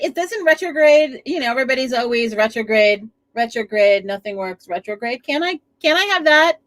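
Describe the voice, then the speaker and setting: A woman hosts a casual live stream from home, talking to her viewers. Her fairly high voice swings widely up and down as she chats, swears and laughs often. It sounds like a home desk setup with a webcam. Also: animated, a little fast, few pauses. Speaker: livestream host.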